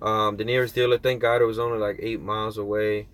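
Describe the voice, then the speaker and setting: A man who drives trucks, chatting casually in a slangy, animated way. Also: lowish voice, fast. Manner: slangy, animated, says bro and yo. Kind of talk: casual chat.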